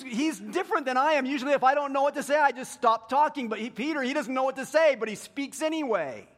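A man preaching a sermon, telling stories in an animated, self-deprecating way and swinging between hushed and loud delivery. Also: very high voice. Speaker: pastor. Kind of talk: sermon with storytelling.

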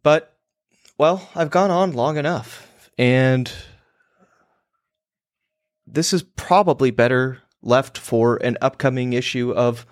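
A man's voice: medium pitch, steady tone, slow pace, pauses often, no echo, studio quality. A man hosting his own show, delivering a crude, emphatic monologue on copywriting. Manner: emphatic, provocative, crude and theatrical.

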